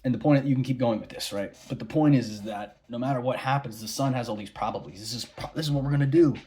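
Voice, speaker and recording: A man's voice: medium pitch, fast talker, dark tone. A man talking casually to camera in a rambling way, retelling a parable with many restarts. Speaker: vlogger. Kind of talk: casual monologue.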